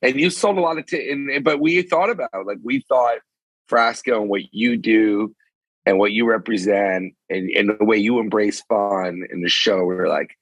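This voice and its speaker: A middle-aged man, a concert promoter, chatting casually and rambling in animated bursts. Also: fairly low pitch, moderate pace, slightly rough, no room sound, low-quality recording. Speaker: venue owner and concert promoter. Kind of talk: casual chat. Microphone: phone call.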